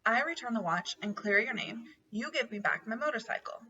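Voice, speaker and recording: A woman's voice: fairly high pitch, expressive, a little fast, sharp tone, a little hiss or hum. A woman reading aloud and voicing a bold, impatient young male mouse who talks in an indignant, businesslike way. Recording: dull, distant home recording.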